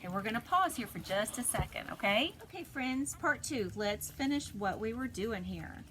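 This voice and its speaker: A woman teaching a phonics lesson to preschoolers, sounding out letters slowly and deliberately, recorded at home. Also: fairly high pitch, expressive, a bit bright. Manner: slow, deliberate, sounds out letters for little kids. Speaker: pre-K teacher. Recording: noisy home video recording.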